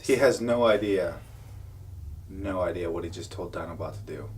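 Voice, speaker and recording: A man co-hosting a casual review show, throwing in quick jokes. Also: sits low, a little mellow, far from the mic. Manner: joking, quick interjections. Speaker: co-host reviewing a cartoon series. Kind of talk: casual chat.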